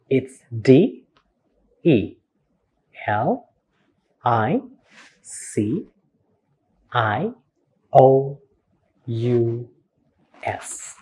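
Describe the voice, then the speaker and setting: A man with an Indonesian accent teaching phonetics in a recorded university lecture, slowly spelling out words and repeating them. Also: medium pitch, very animated, husky, dull audio. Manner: slow, spells words letter by letter, repeats words for practice.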